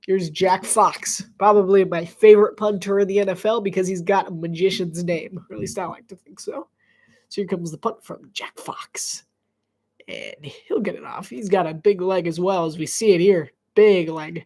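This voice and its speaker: A congested woman doing casual live play-by-play of a football game, chatty and quick to laugh. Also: on the low side, fairly even intonation, a little mellow. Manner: chatty, giggly, easily distracted.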